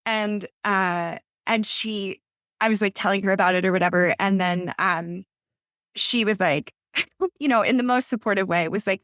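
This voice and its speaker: A woman author in her thirties is a guest on a podcast interview, chatting casually and telling stories packed with "like" fillers. Her mid-range voice is a little fast and fairly bright. The sound is clean studio audio with no echo.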